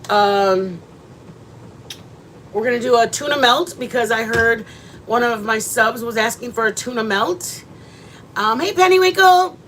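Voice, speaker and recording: A woman's voice: a little high, steady tone, a little slow, pauses often, fairly bright tone, a little hiss or hum. A woman, chatting casually with her viewers as she hosts a cooking livestream, rambling from one thought to the next. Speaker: livestream host.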